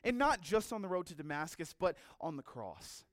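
High-voiced pastor preaching with animated storytelling. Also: male voice, moderate pace, no room sound, clean studio sound. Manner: animated storytelling, acts out quoted characters. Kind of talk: sermon.

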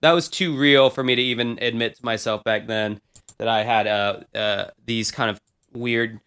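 A man's voice: mid-range voice, fairly even intonation, moderate pace, a bit bright, smooth. A man in his thirties, casually chatting as a podcast host, rambling and crude with self-mocking humor. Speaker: podcast host reading old diary posts. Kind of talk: casual chat.

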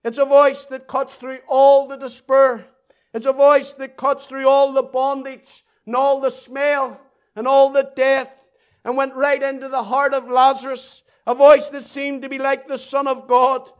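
A Northern Irish man preaching with a strikingly high, fervent voice. He holds to a narrow, insistent pitch and drives his appeal through rhythmic repetition. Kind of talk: evangelistic sermon.

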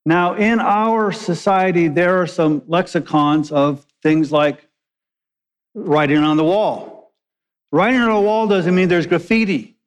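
A man's voice: high voice, a little slow, highs cut off. A man preaching a sermon, a pastor telling stories in a conversational way with joking asides. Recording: long hall reverb.

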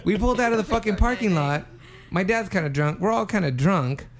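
A man's voice: high-pitched, fairly quick. A young man casually telling a rambling, profane story on a podcast, acting out what people said. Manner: animated, profane storyteller who acts out quotes. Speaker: podcast co-host.

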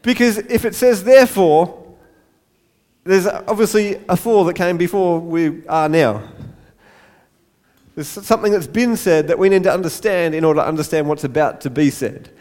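A man's voice: high-pitched, normal speed, a little mellow. A man pastor giving a sermon in church, light-hearted, with self-deprecating asides.

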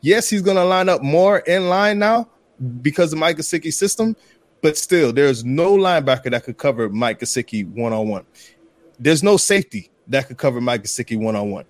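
A man's voice: on the high side, expressive, normal speed, no echo. A man hosting a sports podcast, building an argument emphatically and repeating his points for effect. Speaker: podcast host. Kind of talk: casual sports podcast chat.

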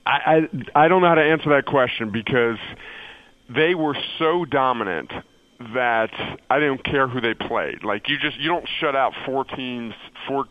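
Male radio guest analyst, measured and opinionated, dry muffled line. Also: medium pitch, dry recording. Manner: hesitant restarts, then confident picks. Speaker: college football analyst guest. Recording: dull, dry radio call-in audio.

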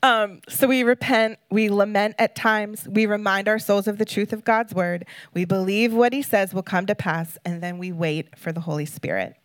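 A woman's voice: medium pitch, fairly even intonation, normal speed, hardly any pauses, no echo. A woman guest speaker giving an earnest, emotional sermon, reading scripture and talking casually with fillers.

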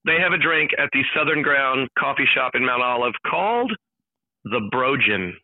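A man calling in as a sports announcer, telling an excited, jokey story at a rapid clip. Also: medium pitch, dry recording. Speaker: guest, sports play-by-play announcer. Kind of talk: animated storytelling chat. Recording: tinny phone line.

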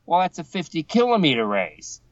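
A man's voice: on the high side, huge pitch swings, fairly quick, dry recording, far from the mic, lo-fi sound, voice pushed up. A man with a Boston accent voicing a chatty old male runner who hands out amused advice. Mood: amused, knowing.

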